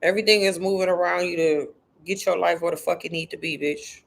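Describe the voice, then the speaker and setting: A woman's voice: fairly low pitch, fairly even intonation, a little fast, creaky. A woman talking casually to her viewers about spirituality, blunt and profane, full of slang and repeating herself for emphasis. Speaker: spiritual content creator. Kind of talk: casual livestream talk to viewers.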